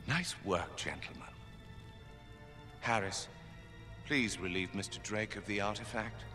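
A man's voice: fairly low pitch, unhurried, natural voice. An actor playing a polished male villain, coolly sarcastic and politely menacing, in a video game. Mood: sneering. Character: cold, polished male villain with armed men. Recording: game audio under music.

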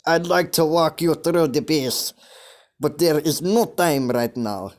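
A man's voice: on the high side, slow pace, pitched above the performer's own voice. A man voicing a stern male commanding officer with a put-on German accent, giving clipped military orders.

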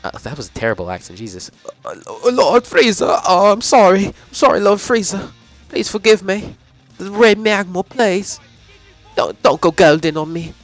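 A man putting on a high, pleading voice for a panicked male alien henchman begging his boss for forgiveness. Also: animated, quick pace, soft background music.

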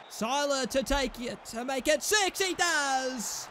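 A young man commentating on a football management game, swearing a lot, yelling at his players and panicking. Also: extremely high pitch, brisk, hardly any pauses, background noise. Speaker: gaming channel host.

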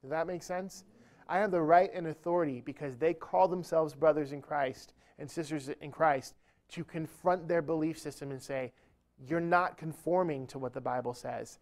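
A man's voice: fairly high pitch, moderate pace, a little mellow. Man telling a funny church story. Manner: humorous, self-deprecating storyteller. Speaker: speaker at a church event. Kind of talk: storytelling sermon talk.

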